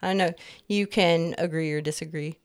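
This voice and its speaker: Chatty low-voiced woman in her fifties. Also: steady tone. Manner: chatty, rambling, quick to laugh. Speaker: podcast co-host. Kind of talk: casual chat.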